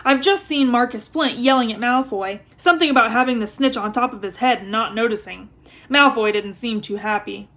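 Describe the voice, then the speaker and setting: A woman reading an excited teenage boy. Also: on the high side, a little fast. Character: jovial teenage sports teammate boy.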